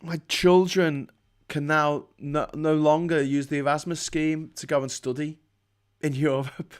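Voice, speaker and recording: A man's voice: fairly high pitch, fairly even intonation, a little slow, smooth. A man from the UK hosting a live stream, ranting in a sarcastic, sweary way with many false starts and restarts. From United Kingdom. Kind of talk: live-streamed political rant.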